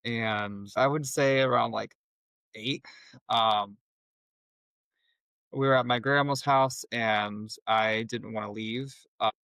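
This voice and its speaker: A man telling his personal story as a podcast guest, in a halting, reflective way with many restarts. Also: medium pitch, steady tone, gravelly, fairly bright tone, smooth, dry recording, rough recording.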